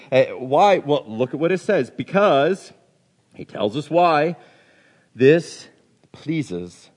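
A man preaching a sermon, animated and full of questions, repeating himself as he goes, with a cold coming on. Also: medium pitch, slightly rough. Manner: animated, questioning, with many restarts. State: getting a cold. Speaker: pastor.

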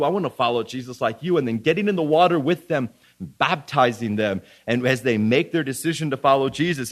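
Male preacher, mid-pitched, earnest sermon delivery with repeated restarts and scripture reading.

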